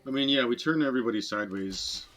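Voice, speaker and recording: A man streaming a digital card game, giving casual, self-deprecating commentary as he thinks his plays through out loud. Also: medium pitch, fast talker, a little hiss or hum.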